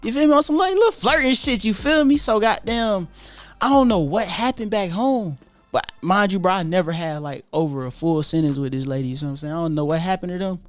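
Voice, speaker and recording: Animated young man, slangy storytelling. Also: high voice, brisk, no echo, faint music behind. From Atlanta, USA. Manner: animated, profane street slang, acts out quoted voices. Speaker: YouTuber telling his story. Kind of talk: casual storytelling monologue.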